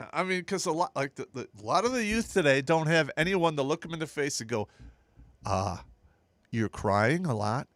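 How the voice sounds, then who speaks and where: A middle-aged man on a casual talk show, blunt and profane, telling animated stories about his days in the army. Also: on the high side, fairly quick, few pauses, no room sound. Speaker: podcast co-host.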